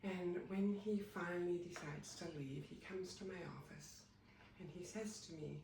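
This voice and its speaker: A woman in elder care tells a personal story at an unhurried, reflective pace, her voice gravelly at the edges. She sounds set back from the microphone in a roomy, echoing space with steady noise underneath. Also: fairly low pitch. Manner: slow, measured, reflective. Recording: distant mic in echoey room with noise.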